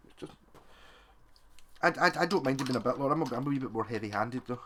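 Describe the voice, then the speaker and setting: Chatty man, mid-pitch, rambling self-mocking workshop commentary over faint background noise. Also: expressive, fast talker, a bit bright. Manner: chatty and self-mocking, talks while working with his hands. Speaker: guitar tinkerer, video maker. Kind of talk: casual thinking-aloud commentary while working.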